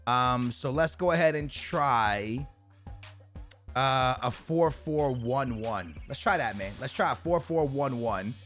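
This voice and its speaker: Excitable young man commentating gameplay. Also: mid-range voice, slow pace, soft background music. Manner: excitable, shouts and laughs at big moments, slangy. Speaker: gaming YouTuber.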